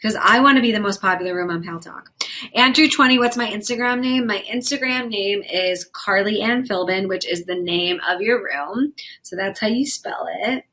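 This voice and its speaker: A woman's voice: medium pitch, pushed and bright. A young woman hosting a livestream, chatting casually and frankly with viewers and reacting to their comments. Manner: chatty, quick, frank and profane, reacts to chat. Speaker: livestream host and comedian.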